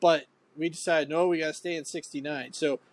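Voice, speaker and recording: A man's voice: on the high side, fairly even intonation, brisk. A man from Ohio co-hosting a podcast, recalling old times bluntly and profanely, rambling as he goes. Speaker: podcast co-host. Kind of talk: casual chat.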